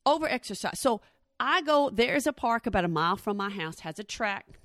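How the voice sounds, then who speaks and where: A woman's voice: mid-range voice, fairly quick, dry recording, studio quality. A woman in her forties telling a stand-up comedy story on stage through a lapel mic. She talks straight to the audience and acts out the voices of the people in her story. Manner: animated, addresses the audience directly, acts out quoted voices.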